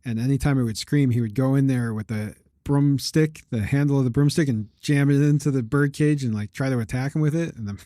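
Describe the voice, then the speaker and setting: A man co-hosting a casual podcast, telling animated stories and mimicking birds with shrill yells. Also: a little fast, hardly any pauses, no room sound, clean studio sound. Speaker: podcast co-host. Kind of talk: casual chat.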